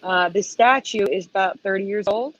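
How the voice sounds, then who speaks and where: A woman's voice: medium pitch, moderate pace, fairly bright tone. A woman co-hosting a casual livestream chat, explaining pictures and asking viewers questions. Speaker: co-host. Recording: dull lo-fi stream audio.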